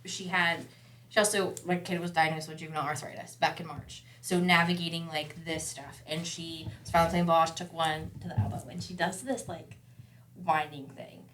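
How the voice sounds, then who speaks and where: A woman's voice: deep voice, fairly quick, a little hiss or hum. A woman in her thirties, a mother chatting on a podcast, telling stories with swearing and acted-out quotes. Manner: animated storyteller, swears, acts out quotes loudly. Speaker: guest, mother. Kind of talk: casual podcast chat. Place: podcast studio.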